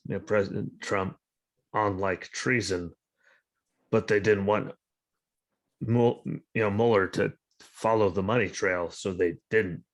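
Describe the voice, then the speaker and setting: Gravelly, tired-sounding male podcast host. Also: lowish voice. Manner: blunt, sarcastic, profane, rambling. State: sleep-deprived. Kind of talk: casual political chat.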